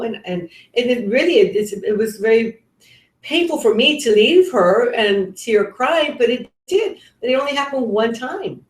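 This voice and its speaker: A woman's voice: fairly high pitch, sing-song, moderate pace. A middle-aged woman giving a parenting webinar, talking earnestly and conversationally with frequent restarts. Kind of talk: webinar talk with personal stories. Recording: roomy echo.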